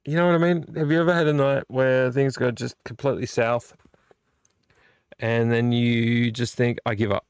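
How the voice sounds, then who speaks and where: A man's voice: mid-range voice, level tone, normal speed, clear, resonant tone, no echo. Weary man venting on a vlog. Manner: rambling, self-deprecating, frequent restarts. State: frustrated and weary. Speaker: vlog host. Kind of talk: casual late-night vlog chat. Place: home movie collection room.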